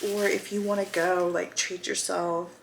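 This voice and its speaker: Candid woman with a gravelly voice. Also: on the low side, little pitch movement, measured pace, background noise. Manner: earnest, confessional, emotional. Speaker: weight-loss vlogger. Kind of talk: candid personal vlog. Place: at home.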